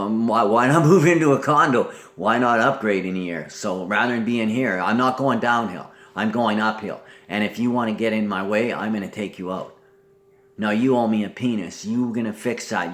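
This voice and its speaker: Lower-voiced man rambling and swearing. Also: normal speed, fairly bright tone. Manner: rambling, profane, jumps between topics; talks to absent relatives as if present. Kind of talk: rambling spoken monologue.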